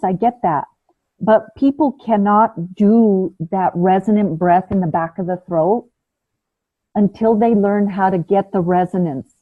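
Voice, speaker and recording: A woman teaching a breathing class over a video call, calm and patient, demonstrating the breaths aloud. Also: medium pitch, no room sound. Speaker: ayurveda and yoga teacher. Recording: phone-like, narrow band.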